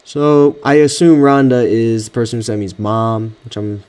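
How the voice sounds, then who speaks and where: A man's voice: medium pitch, flat delivery, moderate pace, a little mellow, smooth. A man giving casual reaction commentary on text messages he is reading, exasperated and slangy, swearing often. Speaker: content creator.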